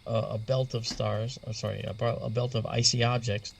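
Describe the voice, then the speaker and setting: A man's voice: medium pitch, level tone, moderate pace, creaky, recorded from a distance, slight background noise. A man patiently explaining astronomy as a guest in an interview, spelling out terms as he goes.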